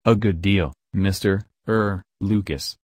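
Male narrator voicing a bold, quick-witted young woman in an audiobook, low voice, dry sound. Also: no room sound.

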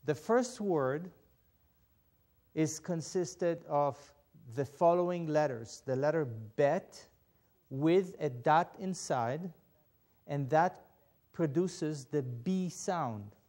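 A man teaching a Biblical Hebrew lesson, patient and deliberate, spelling out each step. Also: fairly high pitch, expressive, a little mellow. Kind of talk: slow instructional lesson.

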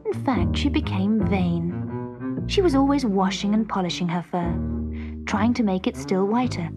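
A woman narrating a children's animal fable in a gentle, measured way at a middle pitch. Clear music runs under her reading. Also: expressive. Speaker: storyteller. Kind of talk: read-aloud storybook narration.

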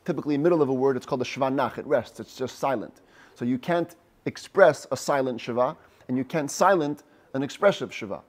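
Here a rabbi teaches a study class, going slowly through Hebrew phrases and translating and explaining them one by one in English. His pitch is medium.

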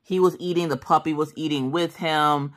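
A woman's voice: deep voice, normal speed. A woman craft vlogger chatting casually as she tells a story, acting out the voices in her quotes. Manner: animated, acts out voices in quotes; chatty, with many fillers and asides.

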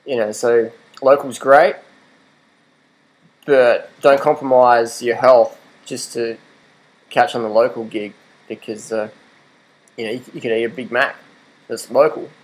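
A man's voice: mid-range voice, steady tone, a little slow, long pauses, poor audio. A young Australian man in a casual vlog, rambling and laughing as he talks to his dog and argues his point. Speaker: vlogger. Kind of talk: casual rant to camera.

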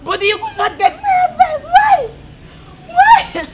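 A woman's voice: extremely high pitch, huge pitch swings, moderate pace, full character voice. A woman playing a sobbing, wailing mother. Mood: anguished sobbing. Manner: wailing, crying out to God. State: crying. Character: grieving mother of a jailed son. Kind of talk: low-budget film drama. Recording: noisy location audio.

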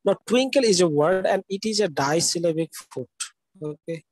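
Man lecturing, slightly husky voice. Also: high voice, animated, normal speed, darkish tone, no room sound, low-quality recording. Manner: explanatory, checks understanding with frequent "okay?"; spells out words letter by letter. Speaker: university lecturer. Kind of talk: live online lecture.

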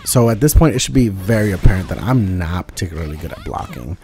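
A man giving joking, profane commentary over a fighting game, dropping into mumbled asides and rising into loud outbursts. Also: low-pitched, expressive, fast talker, soft background music. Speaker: gaming video host. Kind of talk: casual gameplay commentary.

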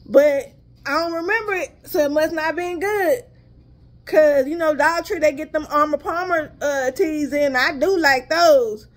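A woman's voice: high-pitched, a little slow. A woman from Texas with a Southern accent, chatting casually to her viewers, addressing them as y'all and drifting into asides. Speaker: haul vlogger.

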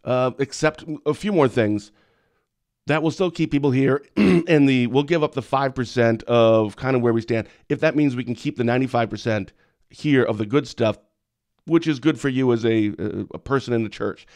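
A man's voice: medium pitch, normal speed, a little mellow, no echo, clean studio sound. A man hosting an interview, asking questions in a casual, thinking-aloud way with restarts and hedges. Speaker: host.

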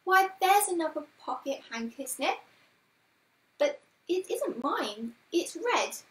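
A woman's voice: very high-pitched, animated, takes it slowly, reverberant, voice pushed up, full character voice. A woman voicing a polite, curious little girl in a storybook, asking eager, wondering questions.

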